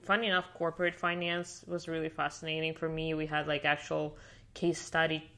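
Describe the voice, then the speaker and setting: A woman's voice: deep voice, level tone, fairly quick, a bit bright. A woman who learned English as an adult, telling her story to a podcast host in a chatty way with lots of "like" fillers. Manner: non-native English speaker, fluent, with many fillers like "like". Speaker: podcast guest. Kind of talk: casual conversational storytelling. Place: lives in Miami, United States.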